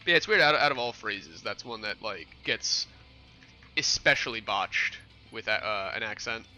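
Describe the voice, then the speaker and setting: A man's voice: on the low side, animated, normal speed, sharp tone, faint music behind. A young man from New York chatting casually with viewers while streaming a game, rambling and answering questions. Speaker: gaming streamer. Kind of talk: casual livestream chat while playing.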